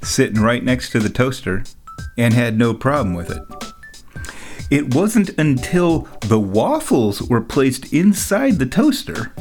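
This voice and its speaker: A man telling a rambling, jokey story in a casual monologue, often laughing as he talks. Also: lowish voice.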